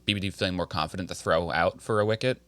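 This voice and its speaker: A man co-hosting a casual sports recap chat over an online call, quick and animated, laughing often. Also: deep voice, no room sound. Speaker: podcast co-host.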